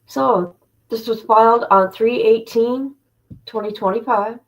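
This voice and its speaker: Chatty and casual, a woman livestream host greets her chat and reads legal text aloud, tossing in offhand asides. She has a fairly high voice and a measured pace, but the audio is poor.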